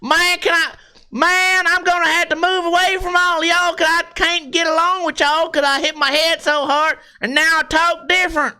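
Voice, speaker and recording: A man's voice: very high-pitched, fast, few pauses, pushed and bright, smooth. A man putting on a crude, swaggering bayou redneck with a twangy drawl. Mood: rowdy.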